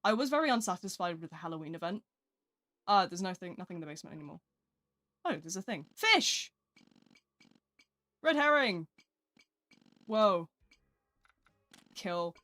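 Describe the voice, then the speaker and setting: A woman's voice: fairly low pitch, fast talker, a bit bright. Chatty young British woman streaming. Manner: chatty, rambling, self-deprecating, reads chat aloud. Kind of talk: live gameplay stream chat.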